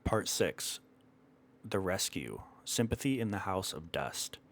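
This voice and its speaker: A man telling an old myth in a measured, dramatic way, stopping now and then to correct himself. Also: low voice, very animated. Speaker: storyteller. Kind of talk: storytelling narration of a myth.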